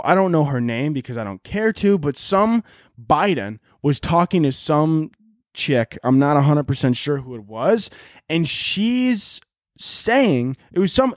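A man with a fairly high voice hosts a comedy podcast in a profane, rambling rant. He jumps between tangents with animated energy. The sound is dry and close. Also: no room sound. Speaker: podcast host. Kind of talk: casual comedic podcast monologue.

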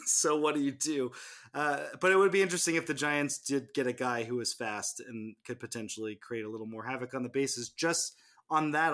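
Halting man in casual sports chat. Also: mid-range voice, fairly bright tone. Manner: halting, many restarts and repeated words. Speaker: podcast co-host.

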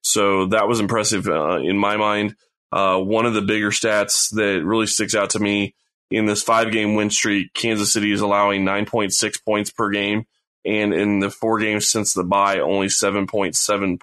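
A man co-hosts a sports podcast and talks through a game in a measured, deliberate way. His voice sits on the low side. His casual delivery stays steady. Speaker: podcast co-host.

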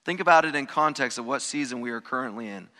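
A man's voice: medium pitch, quick pace, sharp tone, in a large hall. A man preaching a sermon as pastor, emphatic, stressing key words and repeating phrases for weight. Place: church sanctuary.

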